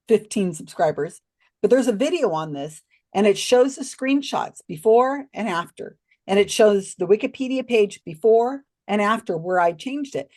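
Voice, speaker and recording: A woman appearing as a podcast guest recounts a story in a lively, casual interview, full of false starts and side comments. Her pitch varies dramatically as she voices other people in the tale.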